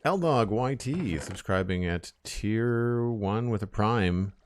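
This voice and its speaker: A man's voice: lowish voice, slow pace, a little hiss or hum. A man streaming a building game, chatting casually with his viewers while he works. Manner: relaxed, chatty, talks to chat while building. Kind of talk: casual live-stream chat while playing.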